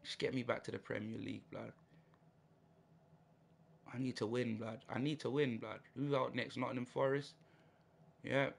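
A man's voice: medium pitch, little pitch movement, normal speed, gravelly, pauses often, breathy edge. A young man streaming a football video game, ranting in frustration with slang and swearing. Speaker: gaming streamer. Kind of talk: live gameplay reaction.

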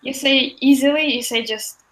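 A woman's voice: sits high, normal speed, fairly bright tone, poor audio. A woman teaching an online language lesson, patient and encouraging with her students.

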